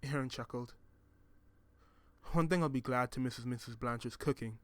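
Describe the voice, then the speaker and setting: A man reading a first-person story in a measured, reflective way. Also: medium pitch, no echo. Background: music.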